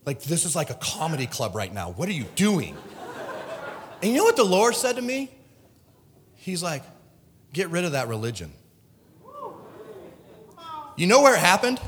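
Middle-aged male pastor, high animated voice, emotional pulpit delivery, church hall reverb. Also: a little hiss or hum. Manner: emotional, swings from shouting to hushed. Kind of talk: sermon. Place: church sanctuary.

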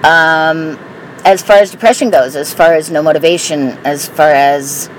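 A woman's voice: low-pitched, normal speed, low-quality recording. A woman telling stories in a candid, profane, casual way while she drives her car. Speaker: vlogger. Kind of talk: casual monologue while driving. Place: inside a car on the road. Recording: loud road and car noise.

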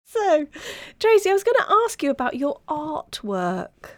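Chatty, higher-voiced woman host. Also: unhurried, no room sound. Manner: chatty, animated, laughs along. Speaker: podcast host. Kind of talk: casual interview chat.

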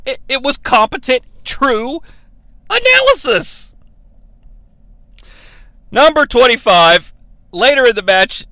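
Profane, high-voiced podcast host. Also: male voice, expressive, measured pace, no echo. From New York. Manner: profane, sarcastic, bursts into loud impressions. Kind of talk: comedic wrestling recap podcast.

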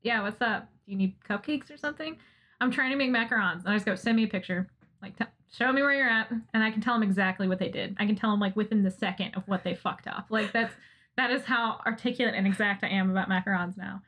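An American woman in casual podcast chat, animated and laughing as she mock-rants about baking. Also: mid-range voice, fast talker. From United States. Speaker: podcast co-host, interviewee.

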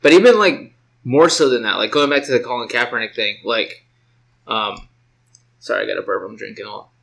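Casting note: man, bright and sharp tone, relaxed rambler full of "um" and "like". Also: medium pitch, quick pace, gravelly, rough recording. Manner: rambling, filler-heavy, relaxed. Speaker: podcast co-host. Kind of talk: casual chat. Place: sister's house.

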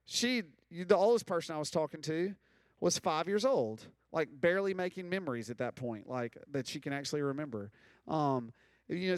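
A man's voice: on the high side, dry recording. A man in his thirties giving a casual, joking talk to a room of students, full of likes and ums. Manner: conversational, joking, lots of "like" and "um". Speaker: speaker addressing students. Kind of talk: casual talk to a live audience.

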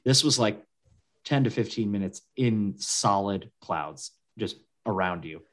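A man's voice: lowish voice, a little slow. Chatty, joking male podcast co-host. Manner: chatty, joking, animated storyteller. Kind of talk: casual chat.

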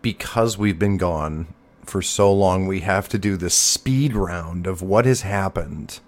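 A man's voice: low voice, slow. A man with a Midwestern accent co-hosting a podcast, chatting casually with lots of laughter and sarcastic jokes. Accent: Midwestern American. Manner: laughs often, jokey and sarcastic. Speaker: podcast co-host. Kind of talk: casual chat.

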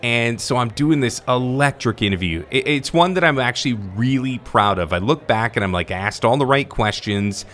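A man's voice: medium pitch, lively intonation, normal speed, hardly any pauses, fairly bright tone. A man hosting a podcast, looking back on favourite interviews in an enthusiastic, conversational way. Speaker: podcast host. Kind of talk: reflective show narration.

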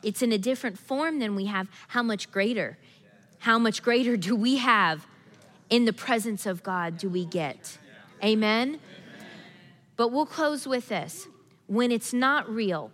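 Bright-voiced woman pastor preaching emphatically. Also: a little high, animated, unhurried. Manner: emphatic, repetitive, building to forceful declarations. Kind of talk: sermon. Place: church sanctuary. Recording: long reverb of a church hall.

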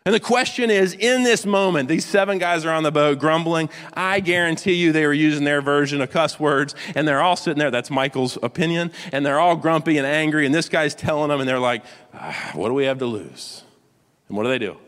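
A man preaching a sermon in a conversational, storytelling way, dropping to a hush for quoted lines. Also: fairly high pitch, a little fast, hardly any pauses. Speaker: pastor. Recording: long hall reverb.

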